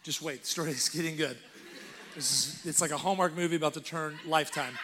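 A man preaching a sermon, telling a funny family story and acting out the voices with lively, laughing delivery. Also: fairly high pitch, fast talker, heavy background noise. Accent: Texan. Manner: lively, acts out voices in stories, laughs often. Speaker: guest pastor.

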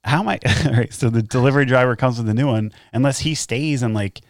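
A man's voice: medium pitch, fast talker, dry recording. A man chatting casually and loosely, rambling a bit as he talks. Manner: relaxed, rambling, with fillers. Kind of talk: casual chat.

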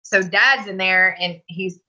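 A woman's voice: mid-range voice, measured pace, sharp tone. Woman, conversational storyteller, earnest, chatty, laughs easily, vivid tone, muffled lo-fi recording. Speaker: guest.

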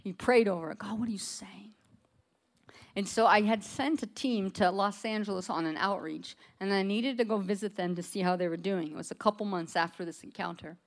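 A woman's voice: medium pitch, brisk, few pauses. An American woman preaching to a congregation, telling a personal testimony in a casual, chatty storytelling way. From United States. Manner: conversational storytelling with frequent "like".

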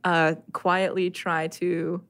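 A woman's voice: lowish voice, little pitch movement, takes it slowly, a bit bright. Woman game master, casual and giggly. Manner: casual, laughing, filler-heavy narration. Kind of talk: narrating a tabletop game.

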